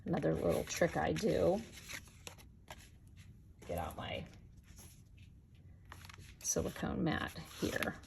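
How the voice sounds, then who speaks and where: A woman's voice: deep voice, sing-song, slow, vocal fry, long pauses, noisy background. A woman demonstrating card making in a casual tutorial, chatting to viewers as she works. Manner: chatty, talks to viewers while working.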